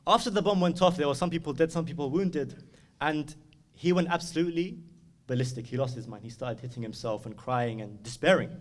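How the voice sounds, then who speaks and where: Impassioned male preacher, slightly high voice. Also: a little fast. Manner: urgent, pleading storyteller who turns to loud chanting. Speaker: reciter at a mourning gathering. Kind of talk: impassioned sermon and chanted elegy. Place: community centre hall.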